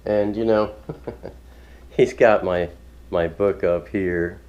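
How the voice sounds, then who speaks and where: A man's voice: low voice, fairly even intonation, slow pace, darkish tone, muffled recording. A man hosting his own video, chatting casually and rambling with chuckles and many fillers. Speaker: ministry video host. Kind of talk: casual home video chat.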